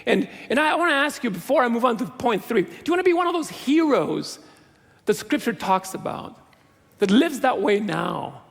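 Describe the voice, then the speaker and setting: A middle-aged pastor preaches in a large church sanctuary, earnest and conversational, with self-deprecating humor. His very high voice is sing-song and creaky at a normal speed, and the church hall gives the recording a long reverb.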